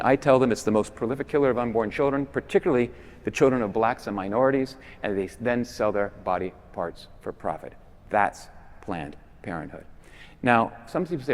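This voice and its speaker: A man's voice: expressive, fairly quick. Guy giving a fired-up talk in a big church, long echo trailing off every line. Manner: emphatic, with swings between loud stresses and low, quiet endings. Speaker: conference speaker. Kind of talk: persuasive public talk. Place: large basilica.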